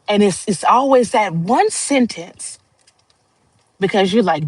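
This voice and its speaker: A woman with a mid-range, animated voice speaks unhurriedly to her livestream viewers in a casual, heartfelt monologue. She rambles earnestly and laughs a lot. The recording is dry and low in quality.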